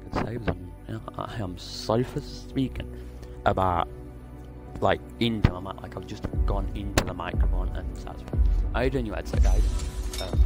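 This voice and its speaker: A man's voice: lowish voice, normal speed, gravelly, highs cut off. A man doing casual, rambling gameplay commentary, jokey and full of swearing. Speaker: gaming YouTuber. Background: game music.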